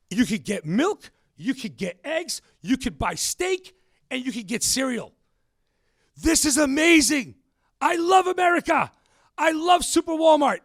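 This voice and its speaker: A man's voice: high voice, gravelly, a bit bright, breathy edge, no echo, studio quality, exaggerated voice. A man quoting an amazed Spanish visitor. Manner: gushing, listing things in wonder.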